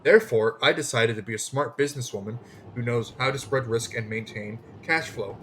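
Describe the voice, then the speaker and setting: A man reading the lines of a scheming, fast-selling woman property agent from a game in his own everyday voice. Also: mid-range voice, fairly bright tone, slight background noise, natural voice. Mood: salesy. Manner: plain read-aloud, no put-on voice.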